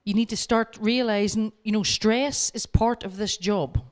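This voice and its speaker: A woman speaking at a workshop, telling lively stories and coaching her audience directly. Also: medium pitch, measured pace. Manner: lively anecdotes, acting out both sides of the dialogue. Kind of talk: storytelling lecture.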